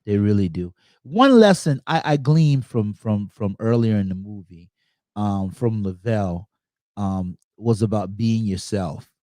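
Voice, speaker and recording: A man's voice: on the low side, expressive, unhurried, mellow, dry recording. A man hosting a casual movie review chat, talking in an easygoing way and telling personal anecdotes. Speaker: host.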